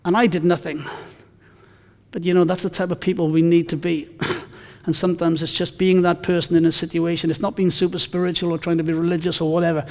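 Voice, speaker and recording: Male pastor, conversational sermon, high voice, long church-hall reverb. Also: little pitch movement, fairly quick, a little mellow. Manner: conversational, anecdotal, emphatic scripture reading.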